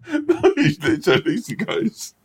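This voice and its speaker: A man's voice: very high voice, huge pitch swings, extremely slow, darkish tone, husky. A man co-hosting a podcast, chatting casually and laughing, acting out other people's lines in his stories. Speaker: podcast co-host. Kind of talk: casual comedic chat.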